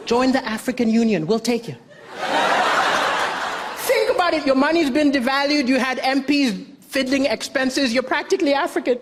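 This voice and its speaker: A man from Malawi doing a stand-up comedy set on a television stage, deadpan and self-mocking with bursts of mock shouting. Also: extremely high pitch, normal speed. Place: television stage before a live audience. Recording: noisy live stage with audience laughter.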